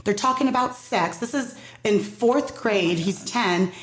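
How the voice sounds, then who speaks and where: An emphatic middle-aged woman talks through a parent's story in a relaxed podcast conversation, slipping into the voices of the people she quotes. Her voice sits at an ordinary pitch for a woman. The room adds a clear echo around her. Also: measured pace, a little hiss or hum. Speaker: parent guest. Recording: roomy echo.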